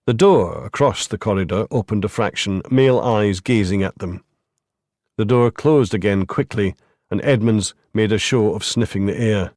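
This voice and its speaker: In studio-quality audio free of echo, a man with a fairly low voice narrates a crime audiobook. His scripted reading is measured and steady.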